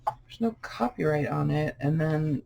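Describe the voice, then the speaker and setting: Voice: mid-range voice, unhurried, creaky, darkish tone. A vlogger chatting casually while unboxing old books, rambling and full of fillers. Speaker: vlogger showing book finds.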